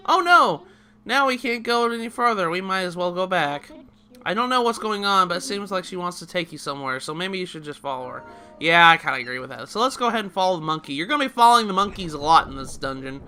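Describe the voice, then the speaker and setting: A man's voice: high-pitched, animated, quick pace, sharp tone. A man giving a casual, chatty game walkthrough, often laughing while he explains each step. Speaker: let's play host.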